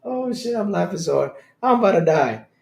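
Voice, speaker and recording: A man's voice: sits high, a little fast, vocal fry. A man hosting a casual live stream, talking straight to his chat, swearing and breaking into laughter all the time. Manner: talks to chat directly, animated and excitable. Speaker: streamer host. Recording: roomy echo.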